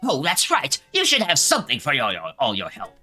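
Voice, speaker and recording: A polite, gushing village schoolteacher in a game, as a man reads his lines aloud, his bright, lively voice swinging up and down through formal, earnest thanks. Faint game music plays underneath. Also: medium pitch, brisk, heavily acted. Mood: pleased. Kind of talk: reading game dialogue aloud.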